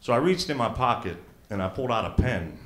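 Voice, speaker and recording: A man's voice: medium pitch, lively intonation, fast talker. A man performing stand-up in a casual, laid-back storytelling way. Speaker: stand-up comedian. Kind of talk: stand-up set. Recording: roomy club, faint noise.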